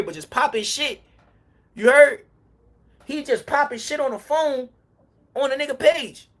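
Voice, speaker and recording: Husky New man rambling on a livestream. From Harlem, New York. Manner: rambling, slang-heavy, swings between low mutter and loud heated outbursts. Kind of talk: casual livestream storytelling.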